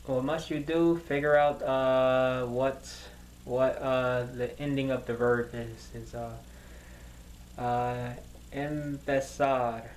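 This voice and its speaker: A man's voice: medium pitch, flat delivery, slow pace, darkish tone, slight background noise, rough recording. A man practicing as a language learner, thinking aloud in a hesitant, searching way with many filler sounds.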